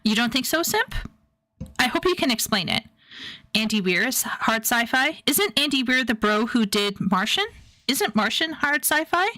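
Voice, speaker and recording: Woman streamer, casual reaction chat, bright tone, dry close sound, playful and rambling. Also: fairly high pitch, animated, normal speed, no room sound, rough recording. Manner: playful, emotional, rambling with repeated phrases.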